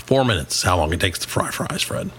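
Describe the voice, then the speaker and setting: A middle-aged man on a comedy podcast telling a long story in a casual, animated way, swearing and acting out what other people said. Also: low voice, fast, slightly rough. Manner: animated, swearing, acts out quoted voices. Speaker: podcast co-host.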